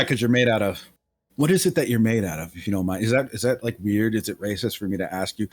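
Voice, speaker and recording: A man's voice: on the low side, dry recording. Crude, laughing man playing a tabletop game. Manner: crude, laughing, rambling with lots of likes. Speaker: player. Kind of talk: tabletop role-play, in and out of character.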